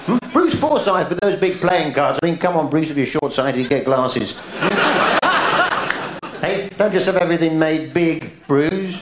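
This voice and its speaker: Surreal English stand-up comic in a roomy theatre. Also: male voice, lively intonation, a little slow, over a noisy crowd. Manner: surreal, absurd non sequiturs punctuated by a quizzical "hmm?"; bouncy, sing-song delivery with sudden high-pitched shouts. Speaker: stand-up comedian. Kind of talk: live stand-up comedy. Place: large theatre stage. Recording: roomy theatre sound from an old video tape, with noise. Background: audience laughter.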